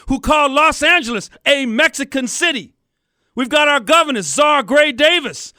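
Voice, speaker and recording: A man's voice: very high voice, pushed and bright, no echo, studio quality. A man hosting a talk radio show, ranting angrily and calling out to his listeners as folks. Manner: angry, fired-up ranting, addresses listeners as folks. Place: radio studio.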